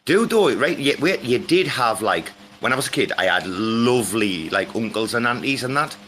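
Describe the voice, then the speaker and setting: A man's voice: mid-range voice, expressive, moderate pace, pushed and bright, slight background noise. A young man hosting a casual chat, rambling through stories and swearing freely. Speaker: host.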